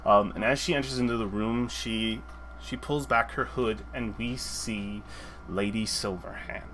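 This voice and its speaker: A man running a tabletop role-playing game, narrating scenes and voicing characters in a halting way with many restarts. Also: fairly low pitch, steady tone, noisy background. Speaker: game master.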